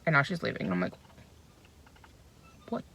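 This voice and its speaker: A woman's voice: mid-range voice, expressive, brisk, a bit bright. Young woman vlogger, casual phone-recorded rant, chatty and frustrated. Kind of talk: casual vlog chat.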